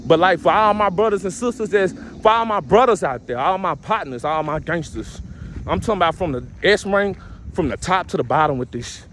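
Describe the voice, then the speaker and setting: A man's voice: high voice, animated, brisk, a bit bright, slight background noise. A man vlogging a casual rant to his viewers, repetitive and full of street slang.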